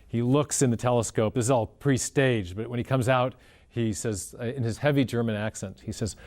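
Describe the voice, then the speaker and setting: A man's voice: medium pitch, darkish tone. A man answering as an interview guest, explaining in an earnest, methodical way and often restarting his sentences. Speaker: guest scientist.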